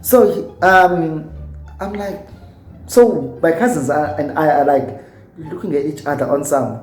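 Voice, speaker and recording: A man's voice: on the high side, unhurried, echoey room, a little hiss or hum. A tipsy South African man with a South African accent, telling a story in a vlog and acting out what people said. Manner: animated storyteller who acts out quotes. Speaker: YouTuber.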